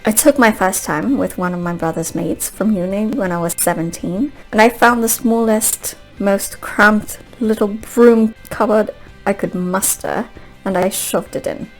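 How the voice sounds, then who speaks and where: A woman voicing a young, grieving British prince in a put-on British accent, reading a tender, poetic love letter slowly and wistfully. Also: medium pitch, soft background music, poor audio.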